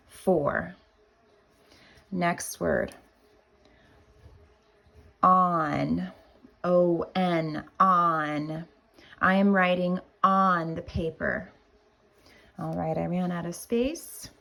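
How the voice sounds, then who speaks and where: Kindergarten teacher, woman, very slow and patient, slightly gravelly low voice, spells words out letter by letter. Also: steady tone, sharp tone. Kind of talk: slow spelling lesson for young children.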